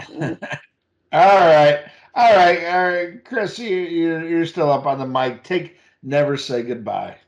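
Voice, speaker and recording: Brief: man, slightly high-pitched, teasing moderator, muffled lo-fi audio. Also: slow. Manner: teasing, hands the mic around. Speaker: podcast host moderating. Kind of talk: casual chat.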